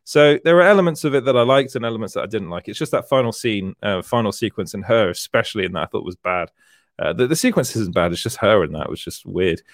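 A man's voice: fairly low pitch, animated, quick pace, no room sound, studio quality. A man hosting a casual livestream, reading out viewer comments and chatting, laughing often and rambling a little. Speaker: livestream host, entertainment journalist.

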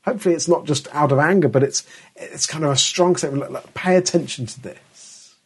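A man's voice: on the high side, brisk, breathy edge. A middle-aged man preaching a sermon in an earnest, emphatic way, often restarting his words.

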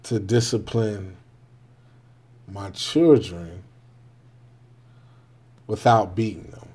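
A man's voice: lowish voice, extremely slow, darkish tone, breathy edge. A man in his forties telling a candid story about raising his children, bluntly and with frequent checks on whether the listener follows. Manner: blunt, candid storytelling with constant "right?" check-ins and profanity. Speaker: father sharing parenting views. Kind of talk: casual monologue to camera.

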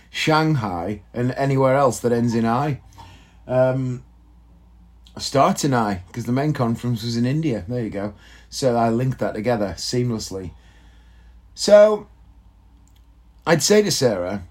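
A man's voice: mid-range voice, lively intonation, normal speed. Rambling self-mocking man. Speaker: podcast host. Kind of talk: casual comedic monologue.

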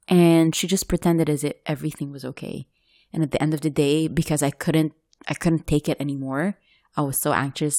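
A woman from the United Arab Emirates telling a story in a casual chat, animated and laughing often. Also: low voice, fairly quick.

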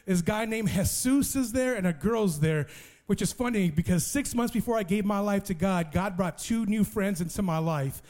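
A man with a notably high voice for a man delivers a sermon testimony. He tells it as a lively story, often repeating words as he restarts a thought. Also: normal speed. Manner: lively storyteller who acts out other people's voices. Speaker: preacher sharing a testimony.

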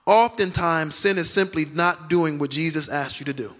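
A man's voice: on the high side, normal speed, a bit bright. A male pastor preaching a sermon emphatically, repeating key lines and acting out quoted voices.

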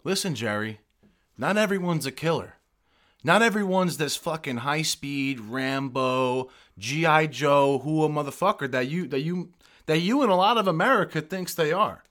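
Profane, animated army veteran man. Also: fairly high pitch, normal speed. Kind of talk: casual podcast chat.

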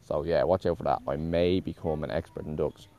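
A man's voice: very deep voice, fairly even intonation, brisk, creaky, warm tone. A man talking in a casual, meandering monologue, correcting himself often and swearing offhandedly.

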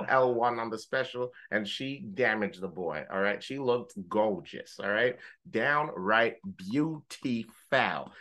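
A man co-hosting a podcast, telling a story in casual chat, animated, swearing freely and mimicking friends in high joking voices. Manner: swears casually, uses gamer slang. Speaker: podcast co-host.

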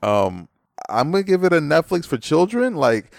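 A man co-hosting a casual movie review chat, expressive and joking as he gives his verdicts. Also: fairly high pitch, normal speed, creaky. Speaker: podcast co-host.

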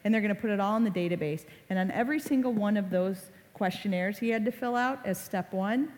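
A woman's voice: medium pitch, fast, darkish tone. A woman in her forties giving a talk to a live audience, telling stories and acting out quotes. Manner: chatty storyteller, acts out quotes. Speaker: speaker on online reputation. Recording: reverberant hall.

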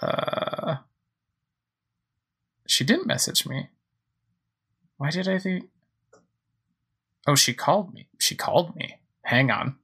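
A man hosting a gaming podcast, chatting excitedly and thinking aloud as he plays. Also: a little high, takes it slowly, long pauses, slightly rough, rough recording. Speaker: podcast host playing a video game. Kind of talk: casual let's-play commentary. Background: game music.

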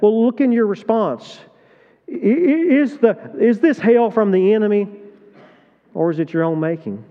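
A male pastor preaching a sermon with passion, swinging from hushed tones to loud emphatic peaks. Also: high voice, animated, moderate pace. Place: large church hall. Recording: dull sound, long hall reverb.

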